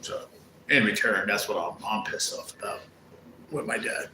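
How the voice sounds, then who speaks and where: On the low side, with a pushed, bright quality and a moderate pace, this man hosts a casual livestream and chats with viewers. He rambles, curses heavily and sounds aggrieved; the echoey room carries background noise.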